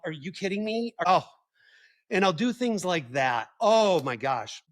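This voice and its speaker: A man speaking earnestly and gently to other partners, repeating key words for emphasis as he gives advice. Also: fairly high pitch. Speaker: husband of a trauma survivor giving advice to partners. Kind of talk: earnest personal advice talk.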